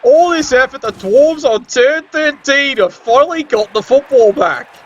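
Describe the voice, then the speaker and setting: A man commentating a game, sarcastic and excitable, swearing often. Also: very high-pitched, a little slow, muffled recording. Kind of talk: tabletop video game commentary.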